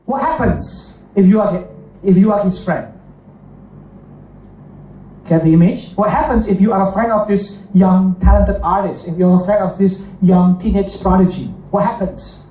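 A man's voice: sits high, moderate pace, warm tone, recorded from a distance, a little hiss or hum. Man, Indonesian accent, pastor, sermon, rhetorical questions, echoey hall, faint background ambience. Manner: asks listeners rhetorical questions, checks in with "right?" and "get it?".

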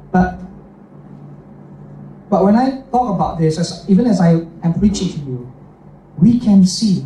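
A man's voice: on the high side, warm tone, recorded from a distance, slight background noise. Man preaching in an echoey hall. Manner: emphatic, repeats phrases, checks in with "okay?" and "right?". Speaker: pastor. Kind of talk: bilingual sermon with own interpreting.

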